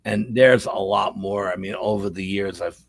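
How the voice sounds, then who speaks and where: A man's voice: on the low side, normal speed, creaky, no echo. A middle-aged man, a paranormal investigator telling a long rambling story in a casual interview, repeating words as he goes.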